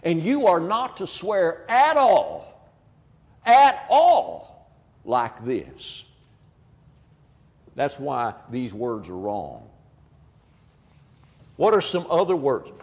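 Brief: male preacher, slightly high voice, emphatic, long hall reverb. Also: a little mellow. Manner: emphatic, acts out quoted people in dialogue. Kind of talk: sermon.

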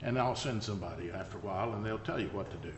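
A man voicing a solemn divine voice from heaven, speaking in grave, low pronouncements. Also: rapid-fire, a little hiss or hum, lightly acted. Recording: echoey hall reverb.

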